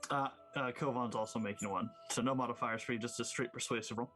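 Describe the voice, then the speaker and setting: A man narrating as game master, relaxed and loose. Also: medium pitch, fast, soft background music.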